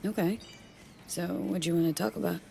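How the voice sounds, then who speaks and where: A woman's voice: lowish voice, fairly even intonation, a little fast, creaky, mellow, soft background music. A woman voicing a self-assured female former corporate agent in video game dialogue, speaking in a cool, musing, confident way.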